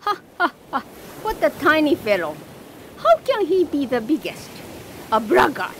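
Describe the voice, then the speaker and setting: A proud little male shrimp in a storybook, as a woman narrator puts him on. He brags in a high, lively voice. He speaks slowly over faint background hiss. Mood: mocking. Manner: boastful, then indignant.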